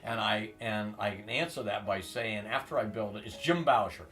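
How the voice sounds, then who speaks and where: A man's voice: on the low side, normal speed, recorded from a distance, faint music behind. A man in his sixties telling long personal stories in a rambling way, acting out the voices of people he quotes. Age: 60s. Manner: animated, acts out quoted voices. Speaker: interviewee.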